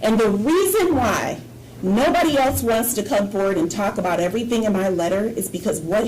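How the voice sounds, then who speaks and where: A woman's voice: mid-range voice, expressive, fairly quick, a little mellow, slight background noise, poor audio. A woman speaking as a university board trustee, making an impassioned, emphatic statement at a board meeting and repeating her points for effect. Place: meeting room.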